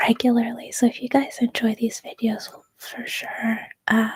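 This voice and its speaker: Whispering Canadian woman in her thirties. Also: fairly high pitch. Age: 30s. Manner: soft-spoken, rambling, chatty. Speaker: ASMR streamer. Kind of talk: whispered ASMR livestream chat.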